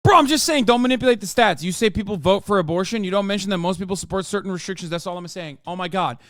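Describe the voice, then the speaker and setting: A man in his thirties rants on a live stream, reacting to a political interview with profane, combative commentary as he argues with his chat. His voice is high and fairly bright, and he talks at a quick pace. The recording is clean studio sound with no echo.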